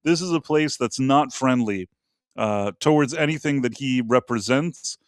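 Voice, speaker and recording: A male host talks loosely and bluntly, wandering between topics and dropping the odd swear word. His voice is mid-pitched and the sound is dry and close, with no room around it. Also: unhurried, no room sound. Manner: blunt, opinionated, rambling with profanity. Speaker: podcast host. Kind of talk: casual live-stream chat.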